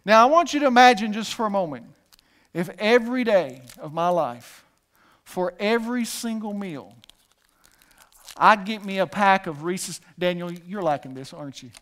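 A man's voice: high-pitched, lively intonation, moderate pace, a bit bright. A male pastor preaching a sermon, calling on the congregation to repeat after him and joking between points. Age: adult with a son. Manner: preaching with call-and-response and humor.

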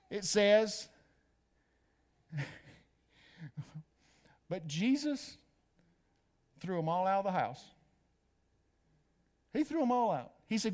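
A man preaching a sermon, asking his listeners questions and answering them himself, with loud emphatic peaks and hushed quiet lines. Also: sits high, animated, slow, long pauses. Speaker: pastor.

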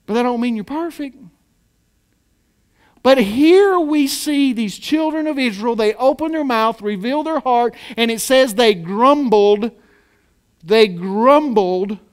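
High-pitched guy preaching in church, lively, lots of rhetorical questions and little jokes. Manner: animated, rhetorical questions, playful asides. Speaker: pastor. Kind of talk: sermon. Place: church hall.

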